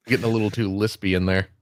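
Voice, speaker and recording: A man co-hosting a podcast in casual chat, tossing in quick, joking interjections. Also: on the low side, fairly even intonation, no echo, studio quality. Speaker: podcast co-host.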